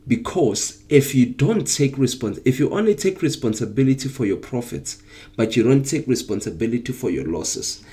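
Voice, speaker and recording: A man's voice: medium pitch, lively intonation, moderate pace, warm tone. A man teaching a live-streamed trading lesson, drawing viewers in with rhetorical questions and repeating key points. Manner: engaging, asks viewers rhetorical questions and for emoji replies. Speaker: trading coach.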